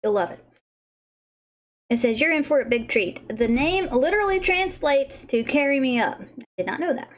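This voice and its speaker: A woman's voice: high-pitched, animated, moderate pace. A woman hosting a casual livestream, bubbly and giggly, who stumbles over words as she reads aloud. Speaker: livestream host tasting snacks.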